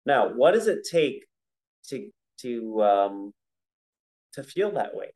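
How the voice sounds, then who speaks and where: A man leads a relaxed Torah class at a middle pitch. He talks to his students conversationally and stretches out Hebrew verses when he chants them. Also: slow pace. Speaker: rabbi teaching a prayer-book class.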